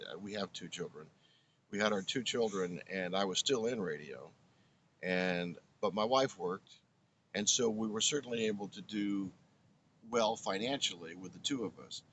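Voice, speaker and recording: With a lowish voice at a moderate pace, pushed and bright, this Brooklyn-born former radio man in his seventies recounts his story as an interview guest. He's earnest and reflective, often restarting phrases, and a little hiss or hum sits under the audio.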